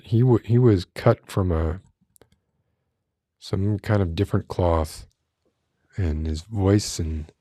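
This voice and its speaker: A man with a smoky, gravelly voice chatting loosely on a livestream, often breaking off mid-sentence and swearing casually. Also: sits low, warm tone, no room sound, studio quality. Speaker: streamer. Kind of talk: casual rambling livestream chat.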